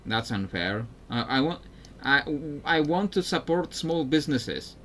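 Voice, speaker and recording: A man's voice: mid-range voice, very animated, measured pace, bright, forceful tone, a little hiss or hum. Rambling male game streamer. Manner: rambling, self-interrupting, chuckling. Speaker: gameplay streamer. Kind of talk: casual gameplay commentary.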